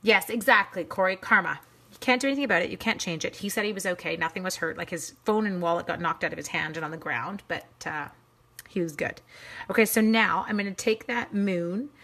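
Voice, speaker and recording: A middle-aged woman making cards on a home livestream keeps up casual chat and greets viewers by name. She has a lowish, somewhat bright voice and speaks a little fast.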